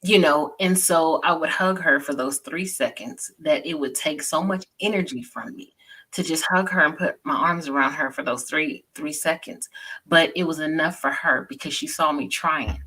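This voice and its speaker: A woman in her forties tells personal stories in a relaxed conversation. Her voice sits low but has a bright, forward edge. She talks earnestly and keeps checking in with "you know.". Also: moderate pace, slightly rough. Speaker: guest. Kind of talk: casual chat.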